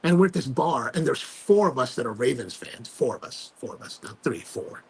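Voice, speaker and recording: A man hosting a casual livestream chat, telling animated stories full of fillers and restarts. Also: mid-range voice, normal speed. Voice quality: gravelly, husky voice. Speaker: host.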